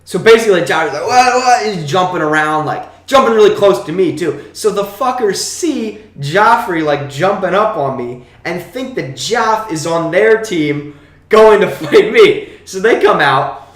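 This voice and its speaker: A young man telling a rowdy party story on a podcast, profane and animated, acting out the quotes. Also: high voice, a little slow. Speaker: podcast co-host. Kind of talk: casual storytelling chat. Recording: echoey room.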